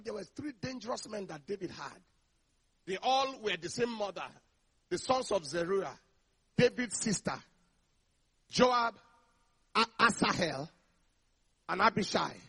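A man preaching an energetic sermon, emphatic and calling for responses from the congregation. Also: sits high, husky.

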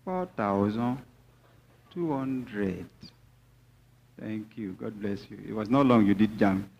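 A man's voice: fairly low pitch, slow pace, gravelly, muffled recording, a little hiss or hum. A man with a Nigerian accent, preaching a sermon as pastor, mixing teasing asides to the congregation with emphatic teaching.

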